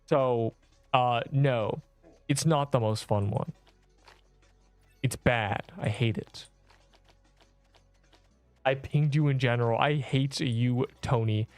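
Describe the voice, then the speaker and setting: A man's voice: medium pitch, slow pace, pauses often, no echo, soft background music. A young man streaming a game, bantering sarcastically with his chat in a casual, joking way.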